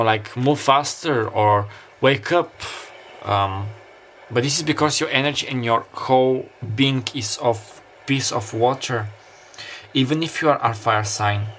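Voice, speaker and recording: Over faint sounds of a summer beach, a male tarot reader works through a pick-a-card spread, pausing, musing aloud, and restarting frequently with many fillers. His medium-pitched voice has a fairly bright tone, and there's slight background noise.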